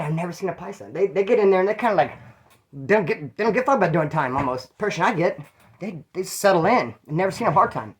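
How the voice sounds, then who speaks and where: A man's voice: high-pitched, lively intonation, fast talker. A man from Bakersfield, California, telling prison stories in a slangy, profane, rambling way with frequent asides. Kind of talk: casual storytelling monologue.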